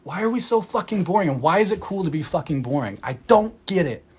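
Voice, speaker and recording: Man, energy healer, livestream chat; fairly high voice, loose and rambling, swears a lot, gets fired up and laughs. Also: quick pace, husky. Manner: candid and excitable, swears freely, laughs often; loose rambling talk full of "like". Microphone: phone livestream.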